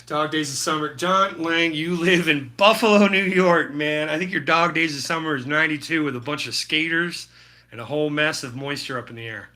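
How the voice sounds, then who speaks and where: A man's voice: a little high, a little fast, pushed and bright. A man chatting casually with his live-stream chat while he paints, laid-back and full of slang. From Utah. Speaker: livestreaming painter.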